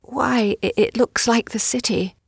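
A woman voicing a feverish, distressed young woman with a hoarse, whispery voice. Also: a little high, steady tone, measured pace, dry recording, clean studio sound, voice pushed up, heavily acted. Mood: pleading. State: ill and distressed.

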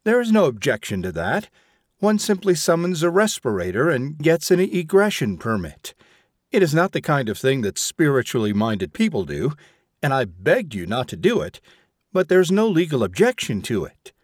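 A man's voice: fairly high pitch, very animated, normal speed, no echo, clean studio sound. A man reading an audiobook, voicing a prim, haughty woman who is easily shocked, in a clipped, disdainful manner. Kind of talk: audiobook character voice.

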